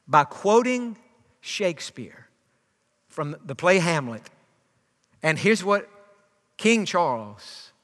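A man preaching a sermon as pastor, rising with passion and falling to a hush. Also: high voice. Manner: impassioned preaching, swelling then dropping to a hush. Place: church sanctuary. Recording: long reverb of a church hall.

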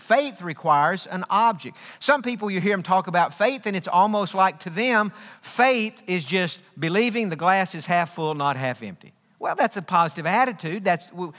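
A man's voice: high-pitched, animated, a little fast, hardly any pauses, sharp tone. A man preaching a sermon as pastor, emphatic and repetitive, with folksy humor. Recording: long reverb of a large hall.

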